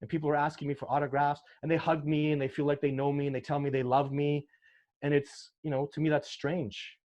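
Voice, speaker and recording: A man's voice: fairly high pitch, flat delivery, brisk, darkish tone, muffled recording. A man being interviewed as a sasquatch researcher, talking earnestly and emotionally, with frequent restarts as he tells his stories. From Canada. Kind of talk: casual interview talk.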